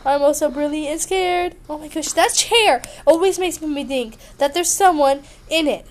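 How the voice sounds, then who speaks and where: A woman's voice: high voice, measured pace, low-quality recording. A young woman playing a horror game and chatting through it, playful, sarcastic and sing-songy. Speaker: gaming YouTuber. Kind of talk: horror game let's play commentary.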